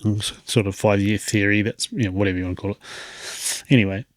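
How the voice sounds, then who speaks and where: A podcast host in his late thirties delivers a casual monologue, rambling reflectively and chuckling often. He talks fast in a lowish voice with fairly even intonation, recorded dry at studio quality.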